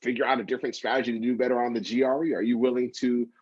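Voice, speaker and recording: Male host, motivating listeners; husky tone, dull dry recording. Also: mid-range voice, little pitch movement, rapid-fire, a little mellow, dry recording. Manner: encouraging, many fillers and repeats. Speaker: podcast host and co-founder. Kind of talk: interview and motivational talk.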